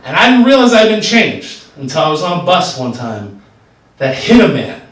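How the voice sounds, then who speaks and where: A man's voice: a little high, very animated, moderate pace, fairly bright tone. A man performing a stand-up comedy set, telling rambling stories full of fillers. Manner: rambling, filler-heavy storytelling. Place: comedy stage. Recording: roomy stage sound from far off.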